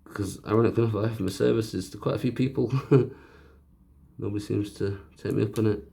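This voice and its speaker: A man's voice: fairly low pitch, steady tone, brisk, gravelly, pauses often, dark tone. A man narrating a home repair video in a chatty, joking way, making fun of himself as he works. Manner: chatty, joking, self-mocking aside-talk. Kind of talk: casual narrated repair tutorial.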